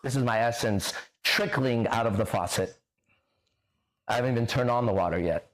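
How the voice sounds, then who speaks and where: Brief: male stream host, mid-pitched, blunt and profane, lectures his critics. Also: moderate pace. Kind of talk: livestream reading and answering chat comments.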